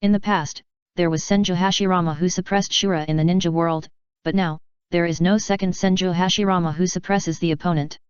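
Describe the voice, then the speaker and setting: A woman reading a fan fiction novel aloud as an audiobook narrator, in an even, smooth scripted narration. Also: on the low side, fairly quick, no room sound, dull audio.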